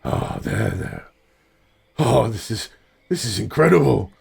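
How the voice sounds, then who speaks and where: A man playing a gravelly adventurer doting on a dragon. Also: medium pitch, big pitch swings, heavily acted. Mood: tender awe. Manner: tender, awed, halting.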